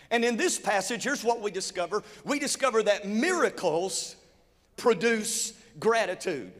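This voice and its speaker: A man preaching a sermon in a church sanctuary, with call-and-response and rising shouts. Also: very high voice. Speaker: pastor. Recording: long hall reverb.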